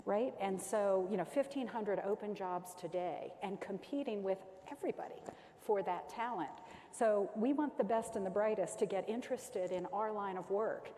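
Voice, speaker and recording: A woman's voice: mid-range voice, moderate pace, dark tone. A woman executive on a panel, talking in an upbeat, conversational way. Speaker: company CEO panelist. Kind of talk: panel discussion. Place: conference stage. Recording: hall reverb with faint noise.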